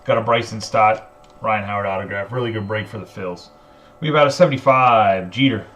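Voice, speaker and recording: A man's voice: lowish voice, brisk, fairly bright tone, a little hiss or hum. A man hosting a live card break, casually rattling off card names and serial numbers.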